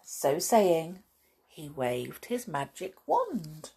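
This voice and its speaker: A woman reading a children's storybook aloud with expressive, swooping emphasis. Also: lowish voice, drawn-out words, breathy edge.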